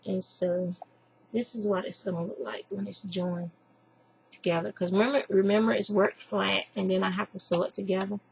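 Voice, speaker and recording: A woman's voice: medium pitch, steady tone, moderate pace, vocal fry, a little mellow, husky, low-quality recording. A woman with a Southern accent, hosting a craft show from home in a rambling, chatty way and recording on a computer microphone. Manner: rambling, chatty, reads lists aloud with asides. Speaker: craft podcast host. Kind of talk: casual chat. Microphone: computer webcam mic.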